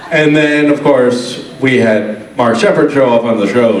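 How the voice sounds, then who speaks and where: A middle-aged man telling funny stories to a convention crowd, animated and often laughing. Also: normal speed, hardly any pauses, heavy background noise. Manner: animated, laughing, drops into a deep gravelly put-on voice for quotes. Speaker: convention panel guest. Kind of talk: casual storytelling on stage. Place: convention hall stage. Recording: echoey hall, distant mic.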